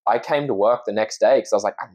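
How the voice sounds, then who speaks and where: A man's voice: on the low side, fast, darkish tone. Earnest Australian man, candid guest. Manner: earnest, reflective, many restarts. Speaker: podcast guest, actor. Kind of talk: casual interview chat.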